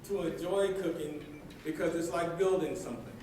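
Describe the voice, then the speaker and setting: A man's voice: on the high side, normal speed, a crowd in the background. A man giving a banquet address, folksy and emphatic, with a slightly raised voice. He is heard from a distance. The sound echoes heavily through a big hall with background noise. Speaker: banquet speaker. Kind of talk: storytelling speech.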